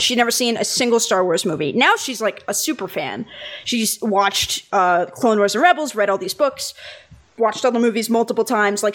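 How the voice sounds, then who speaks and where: A woman in casual fan chat, lively and laughing, her pitch rising on exclamations.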